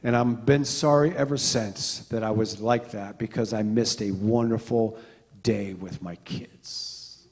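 Middle-aged male pastor, gravelly, storytelling sermon that swings loud to quiet, long church echo. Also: on the low side, fairly even intonation, measured pace. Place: church sanctuary.

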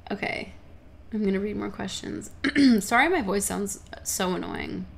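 A young woman livestreaming, chatting casually and excitably with her viewers, swearing now and then. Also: mid-range voice, a little slow, gravelly. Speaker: livestreamer answering chat questions. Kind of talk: casual chat.

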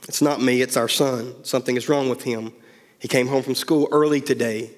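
Man doing a scared mother, urgent, insistent, quick, echoing hall. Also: mid-range voice, steady tone, lightly acted. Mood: worried.

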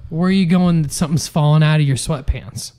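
Young guy on a podcast, high voice, swearing and ranting, totally fed up. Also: fairly quick, dark tone, smooth. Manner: exasperated, ranting, swears a lot. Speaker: podcast co-host. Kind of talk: casual chat.

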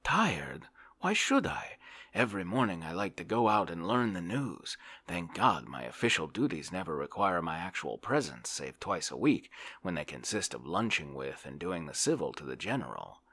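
A man's voice: low-pitched, very animated, normal speed, pushed and bright, breathy edge, no room sound, exaggerated voice. A man voicing a busy, chatty young male socialite in a whispered role-play, eagerly listing his plans.

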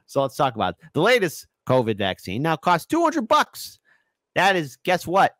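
Animated sarcastic male commentator. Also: fairly high pitch, moderate pace, no echo. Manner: animated, sarcastic, mocking voices. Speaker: political commentary host. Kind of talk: ranting political commentary.

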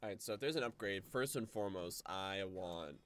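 A man's voice: low voice, animated, a little fast, fairly bright tone. A young adult man streaming a game, making rambling, joking commentary. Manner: joking, rambling and self-mocking. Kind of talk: casual gameplay commentary.

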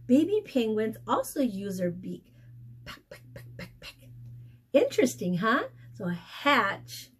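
Woman teacher reading to little kids, huskyish, super swoopy sing-song voice, asks stuff + cheers them on. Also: slightly rough. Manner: sing-song, questioning and praising an unseen child audience; playful animal sounds and exaggerated pitch swoops. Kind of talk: reading a storybook lesson to young children.

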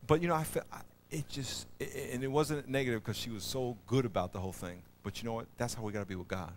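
A middle-aged man preaches a sermon in a folksy, storytelling way, building to loud emphatic bursts. His voice sits in a middle pitch, and the church recording carries a faint background noise. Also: quick pace, hardly any pauses. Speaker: pastor. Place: church auditorium.

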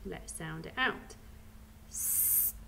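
Slow, patient British woman teaching phonics. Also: medium pitch. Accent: British English. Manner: slow, patient, sounding out words letter by letter. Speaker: primary school teacher. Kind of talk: phonics lesson for young children.

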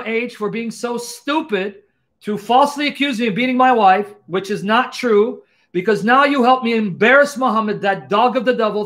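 A man hosting a live call-in debate stream, taunting and mocking his callers loudly. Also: very high-pitched.

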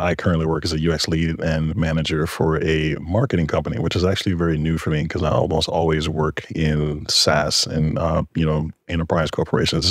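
A man's voice: a bass voice, no room sound, clean studio sound. A man from Louisiana, a guest on a podcast, chatting in a laid-back, wry, teasing way. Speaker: podcast guest, design lead. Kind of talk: casual interview chat.

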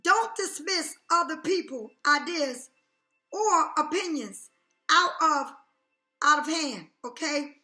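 A woman's voice: high voice, expressive, takes it slowly, bright, forceful tone, roomy sound, faint music behind. A woman giving a casual tarot reading, talking emphatically, repeating herself and checking in with "okay?" often. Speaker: tarot reader.

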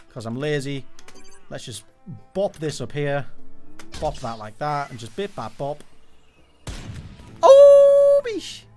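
A man giving a live, joking, swear-filled running commentary as he streams a game. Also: a little high.

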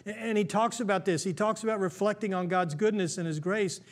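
A man's voice: sits high, steady tone, brisk. An American man, a pastor, preaching a sermon in a conversational way, full of restarts and stammers.

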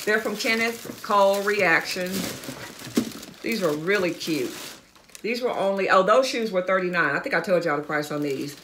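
A woman's voice: mid-range voice, normal speed, background noise. A middle-aged woman chatting casually to her viewers about a shopping haul, enthusiastic and talkative, calling them y'all and guys. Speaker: fashion vlogger. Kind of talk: casual haul video chat.

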